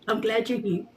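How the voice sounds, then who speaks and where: A woman's voice: fairly high pitch, a little hiss or hum. A woman whose first language is Spanish, chatting playfully and swearing freely as she hosts a tarot livestream, slipping into funny voices. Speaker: tarot reader livestream host. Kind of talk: casual livestream chat.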